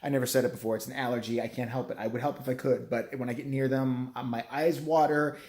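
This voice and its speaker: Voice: mid-range voice, fairly even intonation, fast, a little mellow. Sarcastic middle-aged vlogger ranting. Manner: sarcastic, profane, rambling. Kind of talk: profane rant. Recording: roomy echo.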